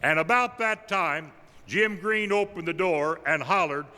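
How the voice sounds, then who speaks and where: An older man, an evangelist, tells humorous personal stories at a tribute, delivering his punchlines deadpan. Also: fairly high pitch, normal speed. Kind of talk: folksy storytelling tribute. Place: large camp meeting hall. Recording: live in a big reverberant hall.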